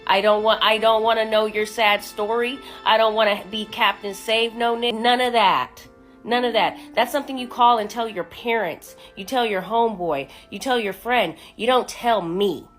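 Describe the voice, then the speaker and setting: A woman's voice: fairly high pitch, fairly even intonation, normal speed, fairly bright tone. A woman recounts her story with blunt, sassy candor and plenty of swearing. Faint music plays behind her voice. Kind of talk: casual storytelling.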